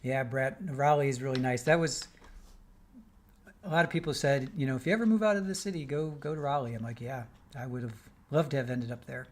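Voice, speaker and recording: A man's voice: mid-range voice, a little fast, a little hiss or hum. An older man from the Midwest hosting a livestream. He reads viewer comments aloud and answers in a chatty, rambling way, often restarting his sentences. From American Midwest. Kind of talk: casual chat while waiting for a trial.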